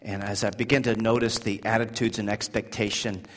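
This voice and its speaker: Preacher in a long-reverb hall. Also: male voice, little pitch movement. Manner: swings from hushed and slow to loud, high-pitched emphasis; repeats words when emphatic. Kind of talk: sermon.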